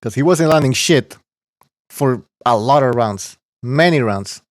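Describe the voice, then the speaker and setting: A man's voice: medium pitch, expressive, unhurried. A man hosting a boxing podcast, blunt and scoffing, cursing freely as he talks casually. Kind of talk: casual profane boxing talk.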